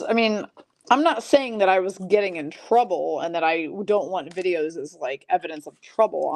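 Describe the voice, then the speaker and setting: Woman, thirties, a bit low, casual self-mocking stream host reading names. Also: a little mellow. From Michigan. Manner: chatty, self-mocking, rattling off names quickly. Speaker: card break host. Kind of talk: live stream card break chat.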